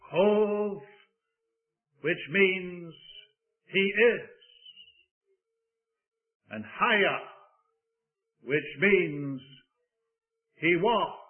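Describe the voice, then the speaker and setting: Slow preaching man, tinny old recording. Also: high voice. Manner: slow, deliberate preaching with sing-song rises and hushed drops. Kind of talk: sermon.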